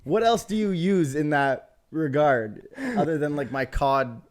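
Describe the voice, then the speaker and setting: A man's voice: fairly high pitch, unhurried. A man co-hosting a podcast, chatting casually and telling a story while reading out chat messages, often laughing. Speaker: podcast co-host.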